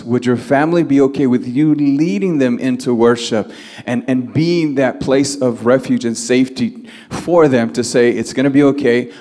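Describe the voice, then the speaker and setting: A man's voice: medium pitch, a little mellow, in a large hall. A man preaching a sermon as pastor, stretching out key words and building to emphatic, rising lines.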